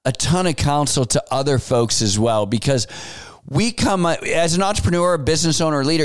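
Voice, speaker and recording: A man in his forties talks through his solo podcast with folksy, animated storytelling. His voice sits a bit high and comes across smooth and crisp. The recording is dry and close, with no room sound. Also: dry recording. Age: 40s. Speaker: podcast host.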